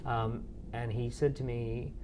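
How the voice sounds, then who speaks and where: Chatty entrepreneur, restarts and fillers. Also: male voice, medium pitch, flat delivery, takes it slowly, mellow, slight background noise. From Australia. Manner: storytelling with quoted dialogue, frequent fillers and restarts. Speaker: entrepreneur guest. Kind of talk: conversational interview answers.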